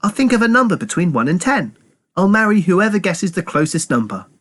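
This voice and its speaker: A man reading aloud and voicing a scatterbrained young village girl in a high, breathless, dithering voice. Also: big pitch swings, fairly quick, fairly bright tone, heavily acted. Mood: flustered.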